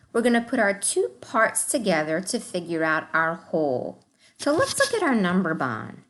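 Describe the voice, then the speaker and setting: A woman teacher giving a recorded math lesson to young children, slow and encouraging, speaking straight to the kids. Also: medium pitch.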